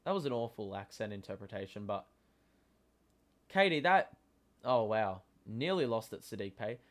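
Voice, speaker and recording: Excitable male sports watchalong host. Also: lowish voice, normal speed. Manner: casual, many fillers, bursts of excited swearing. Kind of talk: live watchalong commentary.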